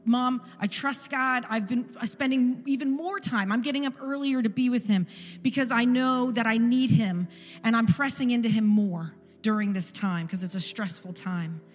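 A woman's voice: on the high side, normal speed, big-room sound, soft background music. A woman in her forties giving an impassioned church testimony, firing off repeated rhetorical questions. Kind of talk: sermon testimony.

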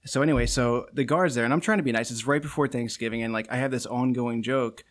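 A man's voice: mid-range voice, quick pace. A man co-hosting a podcast, telling a rambling story and laughing often as he talks. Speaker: podcast co-host. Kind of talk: casual podcast chat.

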